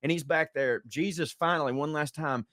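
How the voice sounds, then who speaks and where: A man with a Southern US accent, co-hosting a podcast and telling jokes in a casual chat, jumping into loud put-on voices. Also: fairly high pitch, moderate pace, dry recording, studio quality. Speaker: podcast co-host.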